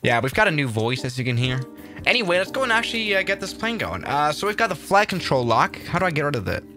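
A man chatting excitably through a flight simulator livestream, often restarting his sentences. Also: fairly high pitch, quick pace, over music. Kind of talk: casual livestream commentary.

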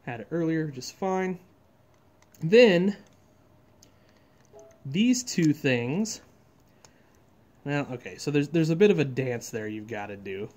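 A man's voice: a little high, animated, slow, long pauses, darkish tone. Chatty guy geeking out over a toy, voice bouncing up and down a lot. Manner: chatty, enthusiastic, rambling with self-corrections. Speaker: scale model reviewer, channel host. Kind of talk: casual hands-on toy review.

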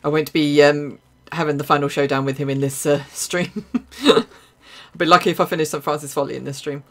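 A young woman with an Essex accent streams herself playing a game, keeping up a loose, chatty running commentary. She reacts quickly with sudden exclamations and laughs in between her remarks. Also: deep voice, fairly even intonation. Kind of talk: live gameplay commentary.

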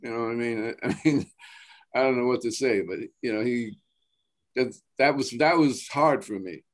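A guest actor with a New Jersey accent chats casually, often halting and restarting his sentences and swearing plenty. His voice is medium in pitch.

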